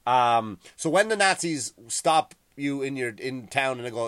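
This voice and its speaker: A middle-aged man with an Irish accent, hosting a profane, heated ranting monologue that grows loud and high when he gets worked up. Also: lively intonation, a little slow, no echo. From Ireland. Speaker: podcast host.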